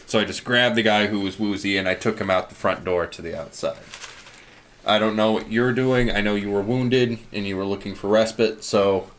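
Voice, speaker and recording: A man's voice: fairly low pitch, fairly even intonation, normal speed, a little hiss or hum. Man casually describing his game moves. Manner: casual, rambling with restarts. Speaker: player. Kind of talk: describing his character's actions in a tabletop game.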